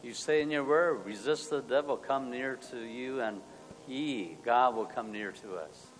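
A male pastor leading an earnest spoken prayer, moving between hushed and loud passages. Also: medium pitch, measured pace. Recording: long hall reverb, soft music.

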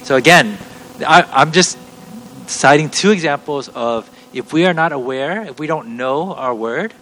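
A man's voice: on the high side, a little slow, sharp tone, a little hiss or hum, poor audio. A middle-aged man teaching a sermon, earnest and explaining step by step, often restarting his sentences. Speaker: preacher.

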